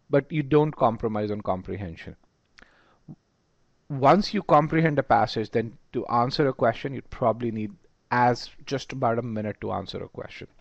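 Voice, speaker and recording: A test prep instructor gives a webinar lecture, speaking emphatically and repeating words as he thinks out loud. His voice is mid-range, and the dull-sounding audio has no echo.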